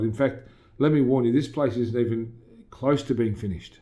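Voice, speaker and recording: The speaker is a middle-aged Australian who runs a gym, a guest in an informal interview, punchy and motivating and prone to quoting himself. His mellow, medium-pitched male voice moves fairly quickly over lo-fi sound.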